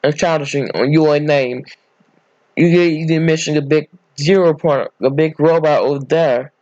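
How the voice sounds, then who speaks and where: A man voicing a loud, bossy male teacher who scolds his students in a rambling way, on a dull, dry recording. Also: fairly high pitch, steady tone, normal speed, no room sound, close to an everyday voice. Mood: scolding.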